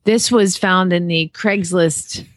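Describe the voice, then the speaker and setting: A woman's voice: on the low side, slow pace, dry recording, studio quality. A woman co-hosting a casual podcast, reading out classified ads in a playful, folksy way with bits of country slang. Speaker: podcast co-host.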